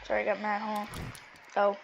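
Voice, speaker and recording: A woman giving casual commentary on her own gameplay, talking to herself and bursting into excited yelling. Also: medium pitch, quick pace, creaky, lo-fi sound, heavy background noise. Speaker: gameplay streamer.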